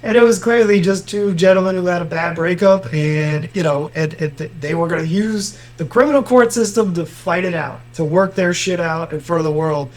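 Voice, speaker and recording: His voice sits high and moves at normal speed with hardly any pauses, though the recording is rough. The Miami-accented lawyer and podcast co-host recounts courtroom stories casually, animatedly performing the quotes.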